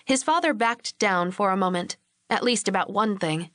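A woman narrating an audiobook in a measured, even storytelling manner, recorded on a close mic. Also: mid-range voice, no echo. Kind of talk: scripted narration.

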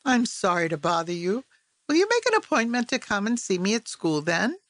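A woman voicing a kind, soft-spoken female schoolteacher in an audiobook, gentle and politely concerned, with a soft, sweet voice. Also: medium pitch, sing-song, a little fast, no room sound. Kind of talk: audiobook character voice.

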